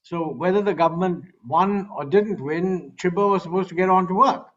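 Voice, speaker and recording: A man with an Indian English accent answering a criticism on a panel, measured with frequent hesitations. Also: high-pitched, lo-fi sound. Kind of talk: panel discussion.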